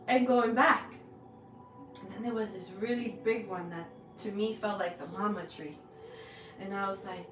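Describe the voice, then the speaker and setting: A woman hosting a spiritual tarot reading, speaking slowly and with open emotion. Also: mid-range voice, echoey room, recorded from a distance, noisy background. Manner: slow, heartfelt and emotional, with drawn-out words. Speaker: spiritual reader, channel host. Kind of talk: tarot energy reading, personal sharing.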